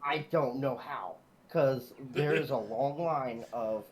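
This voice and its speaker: A man's voice: medium pitch, slow pace, rough recording. A man chatting casually, telling jokey stories and chuckling as he goes. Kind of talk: casual chat.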